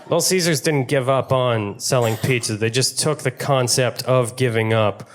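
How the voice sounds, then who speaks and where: A young man from Pittsburgh doing a stand-up comedy set, wry and deadpan. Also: medium pitch, normal speed. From Pittsburgh, USA.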